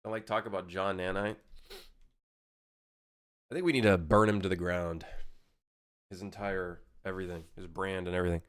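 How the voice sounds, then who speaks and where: A man's voice: low-pitched, steady tone, normal speed, long pauses, clean tone, dry recording, studio quality. A young man chatting casually on a game development live stream, rambling and correcting himself as he reads chat.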